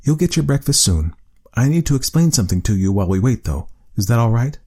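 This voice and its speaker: A man voicing a female research doctor who speaks softly and sweetly to a child. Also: mid-range voice, big pitch swings, fast, husky, pitched above the performer's own voice. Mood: soothing. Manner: soft, coaxing and friendly.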